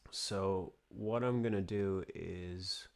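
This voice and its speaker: A music production tutor records a casual screen-capture tutorial in his home studio, thinking aloud and restarting sentences as he works. His deep voice holds a steady tone with some vocal fry.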